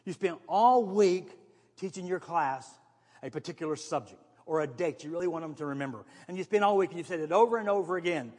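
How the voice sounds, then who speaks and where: A man's voice: fairly high pitch, a little fast, darkish tone, big-room sound. A man preaching a sermon in a conversational way, often repeating himself and restarting phrases. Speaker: pastor.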